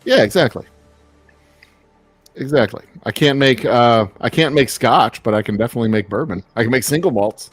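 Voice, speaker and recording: A man's voice: medium pitch, moderate pace, husky, dry recording, soft background music. A man from Texas who makes whiskey, hosting a casual live-stream chat in a laid-back, rambling way. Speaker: distiller and show host.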